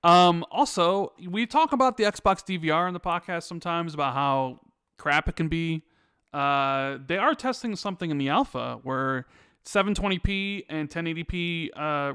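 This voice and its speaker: A man's voice: a little high, normal speed, a bit bright, clean tone, no room sound, clean studio sound. A man hosting a podcast, teasing his co-host and reading viewer messages aloud. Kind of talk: casual chat.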